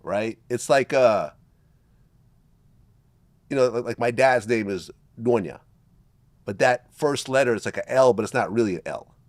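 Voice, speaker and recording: A man's voice: medium pitch, normal speed, pauses often, no room sound. A man from Russia hosting an interview in a casual, laid-back way, leaning on fillers like "like" and "you know". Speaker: interview host.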